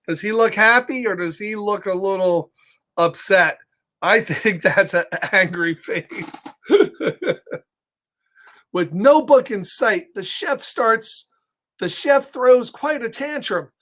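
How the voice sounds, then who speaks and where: A man's voice: high voice, slow, sharp tone. A man reading a picture book aloud to listeners, breaking off into playful chatty asides and laughing often. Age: adult with a child. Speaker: children's story reader.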